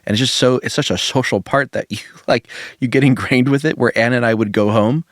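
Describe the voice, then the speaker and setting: A man's voice: medium pitch, fairly quick, no echo, clean studio sound. A man from Southern California, a pastor, telling stories in casual podcast chat and laughing often. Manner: animated storyteller who laughs often.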